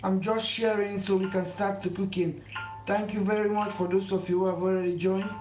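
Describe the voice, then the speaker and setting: A woman's voice: medium pitch, fairly even intonation, a little fast, a little mellow, soft background music. A woman hosting a live cooking stream from her home kitchen, talking effusively and repeating herself as she keeps urging viewers to subscribe. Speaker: cooking channel host. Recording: echoey room with faint background noise. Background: faint household noise.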